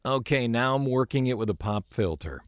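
A man's voice: mid-range voice, animated, brisk, dry recording. A man hosting a radio show in a studio, talking in a casual, joking, self-deprecating way close to a studio microphone.

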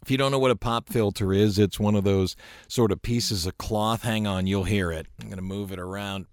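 A man's voice: lowish voice, steady tone, fairly quick, no room sound. A man hosting a radio show in a studio, talking in a casual, joking, self-deprecating way close to a studio microphone.

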